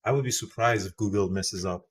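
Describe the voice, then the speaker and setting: A man hosting a live trading show, giving excitable market commentary and thinking aloud. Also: on the low side, fairly quick, slight background noise.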